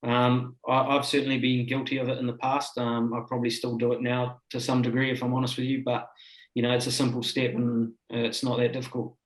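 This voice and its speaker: A male panelist speaks candidly in an even, flat tone, circling back through his thoughts. The room around him is noticeably roomy and echoey. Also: mid-range voice, brisk. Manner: candid, rambling with fillers and restarts. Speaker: panelist, cricketer.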